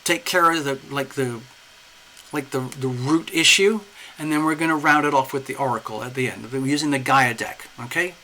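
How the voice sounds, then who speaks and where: A man's voice: mid-range voice, moderate pace, bright, forceful tone. A man giving a live-streamed tarot reading in a chatty, rambling way, often checking in with "okay?" and greeting viewers. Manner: lots of "okay?" and "you know". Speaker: tarot reader.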